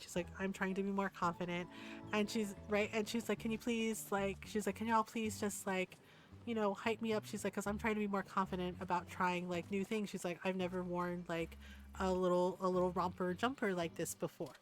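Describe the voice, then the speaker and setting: A woman livestreamer talks at an ordinary middle pitch, venting in a heated, profane way and peppering every sentence with "like" and "right?". Quiet game music plays underneath her voice. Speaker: streamer. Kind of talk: casual livestream chat.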